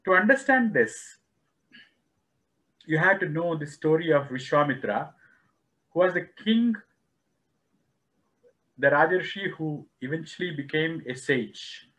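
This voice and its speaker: Male lecturer, fairly high voice, slow deliberate delivery, explains scripture terms, tells stories, acts out the dialogue. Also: very animated, a bit bright, low-quality recording. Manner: acts out quoted dialogue in the story. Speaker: lecturer on Vedic philosophy. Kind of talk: spiritual lecture, storytelling.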